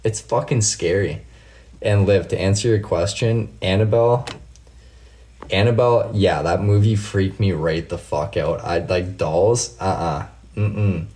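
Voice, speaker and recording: Low-voiced man chatting on a live stream. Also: unhurried, dark tone. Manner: profane, laid-back storytelling, answers chat by name. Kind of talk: casual live stream chat.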